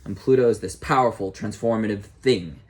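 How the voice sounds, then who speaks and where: A man's voice: fairly low pitch, fairly quick, darkish tone. A young man, an astrologer, chatting casually on a live stream, rambling and joking to himself as he reads a chart. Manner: rambling, self-talking, jokey.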